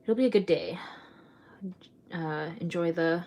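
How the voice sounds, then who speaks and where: A woman's voice: lowish voice, a little slow, darkish tone. A young woman chatting casually on a home art livestream, rambling with lots of fillers and small laughs. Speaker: artist streaming live.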